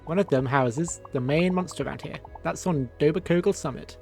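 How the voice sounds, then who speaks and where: A man voicing a friendly village woman in a game, read quickly in his own plain voice. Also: a little high, creaky, darkish tone, faint music behind. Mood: helpful.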